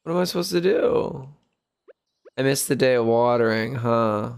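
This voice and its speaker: A man with a gravelly voice streaming a farming game, chatting loosely with viewers. He cracks jokes, swears freely and talks through every move as he figures things out. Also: mid-range voice, lively intonation, normal speed. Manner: jokey, swears often, thinks out loud. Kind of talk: casual Let's Play commentary.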